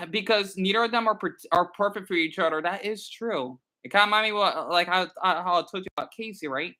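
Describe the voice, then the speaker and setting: A man's voice: high-pitched, moderate pace, pushed and bright. A man streaming live, chatting casually in a rambling way, stammering and repeating words as he goes.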